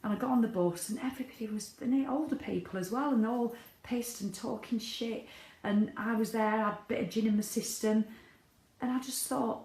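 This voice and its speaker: A woman's voice: a little high, fairly quick, darkish tone. A middle-aged woman talking candidly in a casual video diary, swearing freely. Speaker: vlogger. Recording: echoey room.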